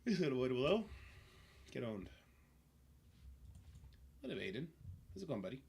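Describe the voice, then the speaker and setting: A man's voice: medium pitch, very animated, measured pace, gravelly, darkish tone. A man streaming a game live, chatting casually and swearing as he reacts to the game and to his chat. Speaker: livestreamer. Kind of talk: casual gameplay commentary.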